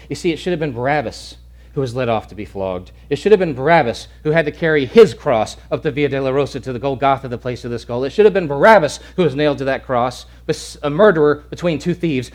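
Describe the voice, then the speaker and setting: A male preacher giving a dramatic sermon, swinging from shouted lines to hushed near-whispers and repeating words as he acts out the scene. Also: mid-range voice, animated, fast.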